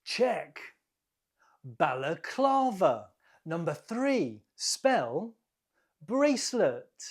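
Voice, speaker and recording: A British woman hosting an English quiz, slowly and deliberately repeating each word for learners. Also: lowish voice, big pitch swings, breathy edge. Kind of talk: slow, clear quiz teaching.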